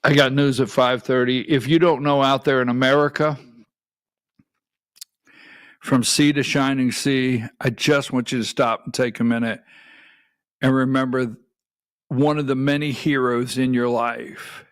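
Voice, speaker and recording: A man's voice: medium pitch, flat delivery, unhurried, pauses often, a bit bright, clean tone. A middle-aged man hosting a political talk radio show from a studio, folksy and calling on his producer for clips.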